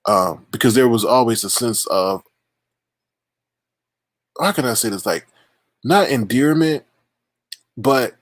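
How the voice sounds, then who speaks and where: A man hosting a casual livestream chat, animated and theatrical when introducing guests. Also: lowish voice, no echo. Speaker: livestream host.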